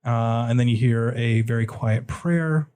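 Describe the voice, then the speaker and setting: Game master, man, mellow and relaxed tone, halting narration full of fillers. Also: medium pitch.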